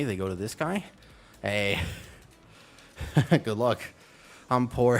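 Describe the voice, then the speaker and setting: A man's voice: mid-range voice, expressive, slow pace, pauses often. A young man streaming a game, slightly out of breath from exercise and joking casually with his viewers. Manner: joking, chatty, talks to viewers. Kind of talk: casual live-stream chat. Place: home room with a fan.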